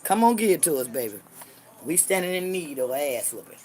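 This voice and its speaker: Sixty-ish lady on a livestream, lower-pitched voice, going off on folks in AAVE, loud then muttering low. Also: big pitch swings, brisk, slight background noise. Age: 60s. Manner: loud, cursing, trash-talking, swings between hollering and low muttering. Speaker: livestream host. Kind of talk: livestream chat answering viewers.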